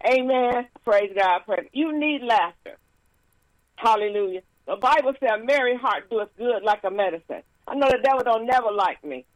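A woman minister giving a casual sermon with stories and announcements, lively and laughing, with frequent praise interjections. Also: a little high, moderate pace, no room sound, poor audio.

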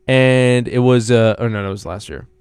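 A young man talks sports on a student radio show. He rambles in animated bursts and keeps correcting himself mid-sentence. The studio mic sounds close and dry, with no room around it. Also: mid-range voice, moderate pace, clear, resonant tone, dry recording. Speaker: college radio sports host. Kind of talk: casual solo sports talk.

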